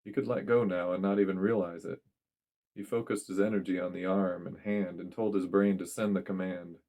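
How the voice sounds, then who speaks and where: Storyteller: a man with a very low voice who reads scripted narration at a steady pace. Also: fairly quick.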